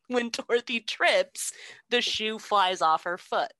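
A woman's voice: fairly high pitch, lively intonation, takes it slowly, bright, forceful tone, dry recording. A young woman casually retelling a story with sarcasm, frequent swearing and laughter, as a podcast co-host.

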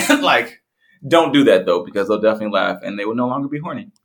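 A young man co-hosting a podcast, joking crudely, swearing and laughing easily. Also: lowish voice. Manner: animated, swearing, quick to laugh. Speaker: podcast co-host. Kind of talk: crude casual banter.

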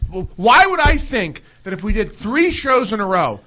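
A high-pitched, hugely animated man hosts a podcast in loose studio banter. His voice is bright and forceful as he rants and jokes at speed. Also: normal speed, slight background noise. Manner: excitable, ranting, jokey. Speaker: podcast host.

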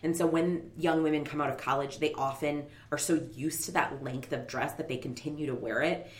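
A woman's voice: low-pitched, fairly even intonation, brisk. A woman co-hosting a podcast in casual chat, firm and opinionated as she lays down rules. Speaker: podcast co-host. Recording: roomy echo.

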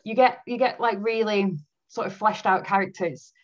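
A woman author talks through an easygoing interview, breaking into laughter often. Her voice sits at an ordinary pitch. The audio is muffled and lo-fi. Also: moderate pace, a little hiss or hum. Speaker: author guest. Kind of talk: casual interview chat. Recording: dull lo-fi audio.

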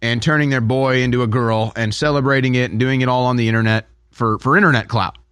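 A man's voice: mid-range voice, fairly even intonation, quick pace, a bit bright, clean tone, dry recording, studio quality. A man hosting a commentary show, talking in a sarcastic, mocking way. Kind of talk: political commentary.

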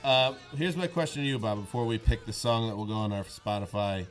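A man's voice: fairly low pitch, fairly quick, music in the background. A man in his thirties co-hosting a podcast, teasing his friend and chatting loosely about an album. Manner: playful, swearing, teasing. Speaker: podcast co-host. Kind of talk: casual chat about music.

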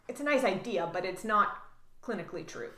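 A woman's voice: medium pitch, lively intonation, fairly quick, a bit bright. A woman co-hosting a podcast, chatting casually and often filling with like and um. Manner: talks with many likes and ums. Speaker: podcast co-host. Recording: roomy.

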